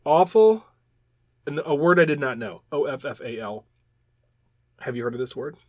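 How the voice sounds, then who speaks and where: An adult man chatting as a podcast co-host, lively and rambling as he explains things, circling back and repeating words. His voice sits at an ordinary middle pitch. It is recorded close and dry, with no room sound. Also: fairly quick, no echo. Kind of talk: casual chat.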